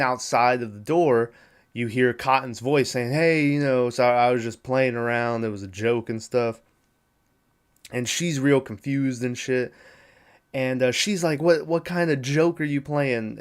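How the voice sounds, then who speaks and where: A man hosting a movie podcast, retelling a film scene in a loose, profane, conversational way. His voice sits at an ordinary middle pitch and comes through clear and smooth. He slips into the characters' lines as he goes. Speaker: podcast host. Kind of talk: casual movie recap.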